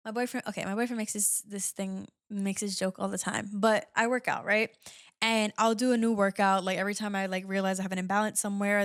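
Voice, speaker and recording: A woman's voice: mid-range voice, fairly bright tone, dry recording, clean studio sound. A young woman hosting her own podcast, giving candid relationship advice in a chatty, casual way full of "like" fillers. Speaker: podcast host. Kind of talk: casual solo podcast chat.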